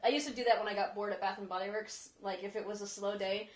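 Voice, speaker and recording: A woman co-hosting a casual chat, telling stories animatedly with quick asides. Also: mid-range voice, steady tone. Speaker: co-host. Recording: roomy room echo.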